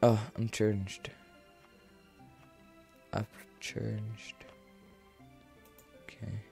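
A young man streams a game and rambles to himself in a goofy, drawn-out way. His voice sits low and he takes his time. Faint music plays behind him. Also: level tone, gravelly, warm tone. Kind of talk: casual gameplay commentary.

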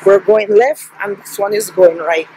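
A woman's voice: medium pitch, moderate pace, mellow, slight background noise, poor audio. A woman with a Jamaican accent, chatting casually to her vlog audience on a handheld phone as she walks through streets and a subway station, mixing in patois and laughing often. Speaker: family vlogger. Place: city streets and subway station, outdoors and indoors.

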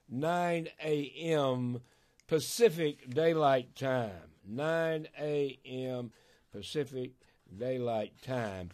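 An older man from Arkansas with a Southern accent, hosting a call-in radio show as a pastor. He talks in a folksy, emotional way, laughs often and stretches words out for emphasis. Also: mid-range voice. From Arkansas, USA.

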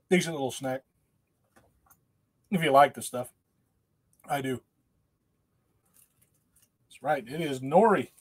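A man's voice: on the high side, husky. A man hosting a casual livestream, rambling in a folksy, self-mocking way and laughing often. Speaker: host.

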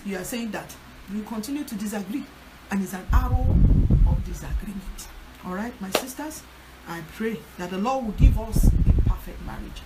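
A woman pastor presses her points home on a prayer line, repeating them with emphasis. Her voice sits a little high. A loud hiss of background noise runs under the whole recording. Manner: emphatic, repetitive exhortation. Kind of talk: teaching talk on a prayer line.

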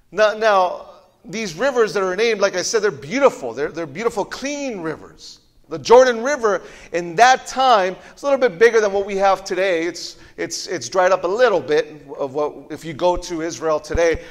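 High-voiced pastor preaching in a reverberant hall. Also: male voice, a little slow. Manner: animated storytelling with frequent word repeats. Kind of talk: sermon. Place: church auditorium.

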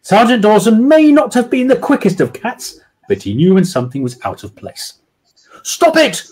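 A man's voice: sits high, huge pitch swings, moderate pace, darkish tone, breathy edge. A man, an author, reading his children's book aloud over a video call with dramatic storytelling.

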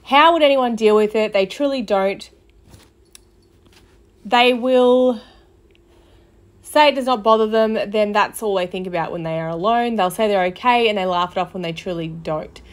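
A woman talks loosely through a casual commentary podcast. Her pitch sits in an ordinary middle range. She rambles in a gossipy way, full of fillers and blunt swearing. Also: moderate pace, pauses often. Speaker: podcast host.

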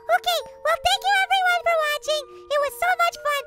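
A squeaky, giddy cartoon little girl. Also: fairly even intonation, fairly quick, pushed and bright, faint music behind. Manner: giddy and wide-eyed, squealing "yay" and giggling. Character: sweet, bubbly childlike girl who loves rainbows and unicorns. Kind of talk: cartoon game let's-play voice.

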